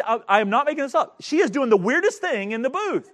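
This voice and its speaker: A pastor telling a funny, self-mocking story during a sermon. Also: male voice, very high-pitched, big pitch swings, fast, fairly bright tone.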